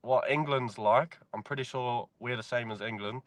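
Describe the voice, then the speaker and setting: On a podcast, a Kiwi mine worker talks casually and swears freely in his New Zealand accent, easygoing throughout. His voice has medium pitch and a moderate pace, in a dry recording.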